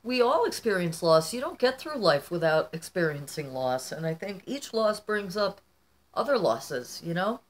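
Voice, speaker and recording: Woman, artist vlogger at home. Casual, rambling chat, slightly low pitch. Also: big pitch swings, moderate pace. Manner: chatty and rambling, often addressing viewers as "you guys".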